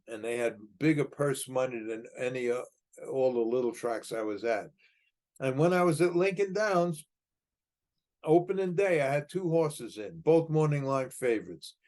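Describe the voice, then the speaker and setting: A man's voice: medium pitch, darkish tone. An older American man telling a long story from his past, rambling with repeated words and restarts, acting out tough-guy dialogue. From United States. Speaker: podcast guest telling his life story. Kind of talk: casual storytelling.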